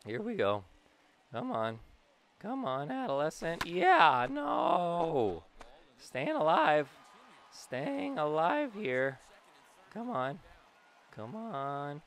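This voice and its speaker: A young man giving casual, excitable commentary while playing a video game, talking to himself and his player. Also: on the high side, very slow, pauses often. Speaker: gaming YouTuber.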